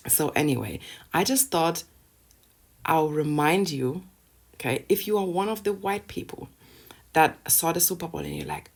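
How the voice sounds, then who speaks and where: A woman's voice: low voice, big pitch swings, normal speed, gravelly, long pauses. A woman vlogger ranting casually to camera, sarcastic and profane, with bursts of laughter between points.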